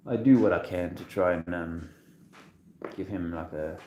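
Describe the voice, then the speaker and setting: A man hosting a casual livestream, talking in a halting way full of restarts and fillers, soft-spoken and emotional at times. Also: deep voice. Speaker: video host. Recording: echoey room with faint noise.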